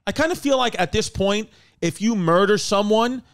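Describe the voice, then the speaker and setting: A man's voice: sits high, moderate pace, smooth, no room sound. New man telling a rambling story. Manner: rambling storyteller, swears freely, acts out other people. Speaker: podcast host. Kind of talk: casual comedy podcast chat. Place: his house.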